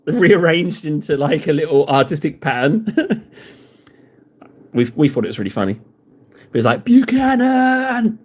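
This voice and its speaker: Brief: slightly high-voiced male streamer, chatty, rambling, jokey, talking to viewers as he paints. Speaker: miniature-painting live streamer. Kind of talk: casual live-stream chat while painting.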